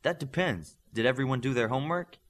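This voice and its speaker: A man's voice: mid-range voice, brisk, close to an everyday voice. A man voicing a proud, stern female teacher with a Scottish accent, dry and pointed in how she speaks. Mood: stern teacherly.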